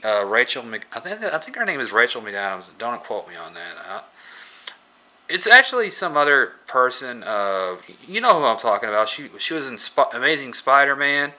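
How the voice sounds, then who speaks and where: A man casually recapping a movie scene by scene, rambling and halting with many filler words. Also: mid-range voice, pushed and bright. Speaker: movie reviewer.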